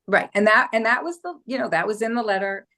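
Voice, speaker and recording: Gravelly woman, hesitant speech. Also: a little high, quick pace, bright, forceful tone. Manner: hesitant, many "um"s. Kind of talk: casual discussion.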